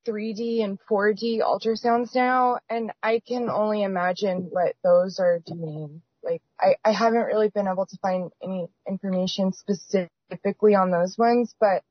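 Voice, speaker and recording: A woman's voice: mid-range voice, fairly even intonation, normal speed, few pauses, dry recording. A woman as a podcast guest, chiming in tentatively with fillers. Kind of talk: casual podcast interview. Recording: dull lo-fi sound.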